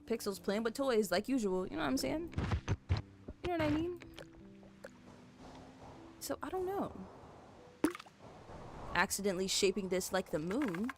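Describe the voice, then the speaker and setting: Over some background noise, a young woman streamer speaks in a mid-range voice as she builds in a game. Her talk to chat is rambly and laced with "like" and "you know," and she's chatty and apologetic toward her viewers.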